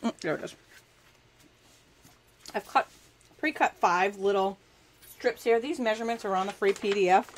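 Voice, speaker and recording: A woman's voice: medium pitch, moderate pace, pauses often, poor audio. Woman, craft show host, chatty, self-deprecating, laughs a lot, talks while working. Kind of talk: live crafting demonstration.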